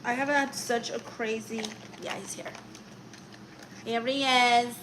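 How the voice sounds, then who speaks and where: A woman's voice: on the high side, steady tone, takes it slowly, background noise. A woman from Florida hosting a casual live stream, chatting playfully and reading viewer comments aloud. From Orlando, Florida.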